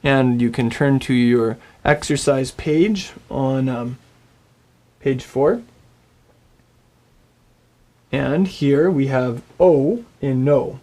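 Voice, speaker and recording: A man teaching a recorded Hebrew lesson, friendly and encouraging, saying words slowly and getting the listener to repeat them. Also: mid-range voice, a little mellow. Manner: friendly, encouraging, models pronunciation aloud.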